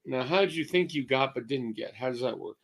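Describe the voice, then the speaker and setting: A man in his fifties co-hosting a casual chat, gruff and rambling, with restarts and swearing. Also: medium pitch, expressive, a little fast, a bit bright. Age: 50s. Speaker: co-host.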